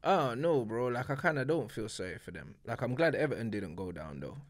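A young man talking football in relaxed, slangy chat as co-host. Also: mid-range voice, no echo. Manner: fast, relaxed, slangy analysis. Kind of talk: casual football banter.

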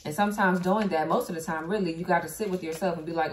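A woman's voice: on the low side, fairly even intonation, fast talker, reverberant, a little hiss or hum. A woman giving a casual tarot reading, blunt and profane, who laughs and talks back to the cards as she goes. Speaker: tarot reader.

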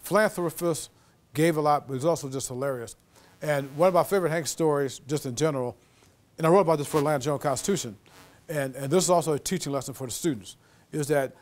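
A man's voice: a little high, a little fast. A middle-aged man giving a storytelling lecture to students as a guest author, acting out quoted dialogue. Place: lecture hall.

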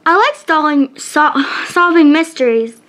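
A woman reading a chapter book aloud, halting and often restarting words. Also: sits high, animated, fairly bright tone. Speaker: storybook reader.

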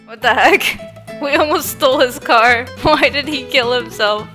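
A woman's voice: a little high, moderate pace, pushed and bright. A young woman playing a game on camera, chatting with other players, giggling often. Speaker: gaming YouTuber. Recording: game music faintly behind.

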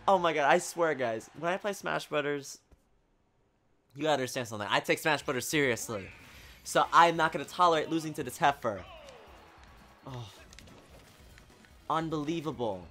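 A man giving live gameplay commentary, excitable and exasperated, breaking into sudden shouts. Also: a little high, fairly quick, faint music behind. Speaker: gaming video creator.

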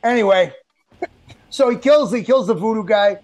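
A man's voice: high voice, normal speed, a little mellow, dull audio. A male co-host in casual podcast banter, joking and sarcastic, often acting out lines from the film. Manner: jokey, sarcastic, acts out quotes.

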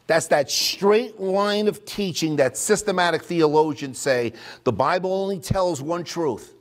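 In a high voice, a preaching man reads scripture aloud, moving between booming, emphatic statements and soft asides that drop almost to a whisper.

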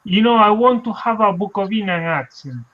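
A man's voice: sits high, lively intonation, fairly quick, muffled recording. A man who often stops and repeats words, taking part as student and organizer in an online language lesson. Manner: hesitant, restarts and repeats words.

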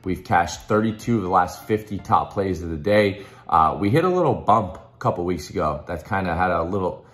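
A man giving sports betting picks in a casual promotional pitch, hyped and pushy, full of fillers and restarts, his voice a little hoarse. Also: animated, brisk. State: slightly hoarse.

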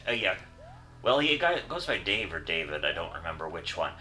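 Swearing, lively-voiced gaming guy. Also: low-pitched, brisk, soft background music. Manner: swears often, rambling joke-teller. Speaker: let's play co-host. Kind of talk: casual gaming banter.

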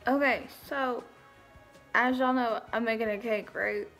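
Young southern country gal just chatting at home, slow easy drawl, bit of music in the back. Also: female voice, fairly high pitch, fairly even intonation, fairly bright tone. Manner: chatty, drawling, self-deprecating. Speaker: vlogger. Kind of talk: casual chat.

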